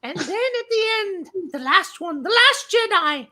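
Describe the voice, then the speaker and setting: A woman's voice: very high voice, big pitch swings, a little slow, bright, forceful tone. An older woman giving blunt, profane remarks in an interview, laughing between them.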